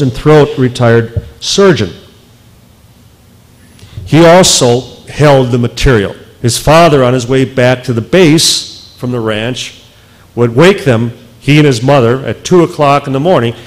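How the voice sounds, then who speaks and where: A man speaking as a researcher in a public lecture, emphatic, with deliberate pauses. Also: medium pitch, rough recording.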